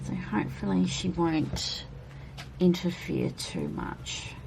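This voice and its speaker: Chatty lady coloring and rambling, low voice that swings up and down, goes baby-talk at her cats. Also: wildly swooping pitch, slow pace, creaky, a little mellow, slight background noise. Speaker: coloring vlogger. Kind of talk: casual color-and-chat commentary.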